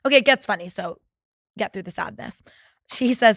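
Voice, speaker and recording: Chatty young woman with a gravelly edge. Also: mid-range voice, lively intonation, fairly quick, no room sound, studio quality. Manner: chatty, swearing, reads listener stories aloud. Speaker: podcast host. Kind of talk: casual solo podcast chat.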